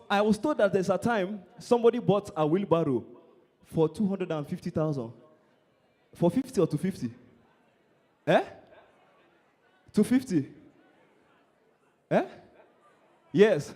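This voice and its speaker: A young Nigerian comedian with a Nigerian accent works a live crowd, bantering and poking fun at people. His high voice swoops up and down constantly. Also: lively intonation, measured pace, long pauses, dark tone. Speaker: stand-up comedian.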